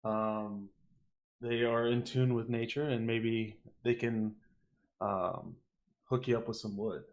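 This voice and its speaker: A man's voice: medium pitch, fairly even intonation, slow pace. Easygoing man playing a tabletop game. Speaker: player. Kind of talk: casual tabletop play. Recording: slightly dull lo-fi audio.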